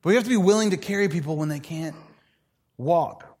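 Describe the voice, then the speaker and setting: A man's voice: fairly high pitch, fairly quick, husky. A middle-aged male pastor preaching a sermon, telling funny stories and acting out the people in them. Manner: animated, joking, acts out voices in his stories.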